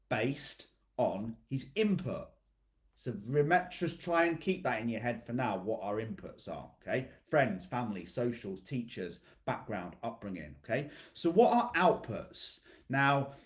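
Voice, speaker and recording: Man, fitness coach, blunt motivational talk, swears, calls clients by name. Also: medium pitch. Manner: blunt, repeats "okay?", swears freely.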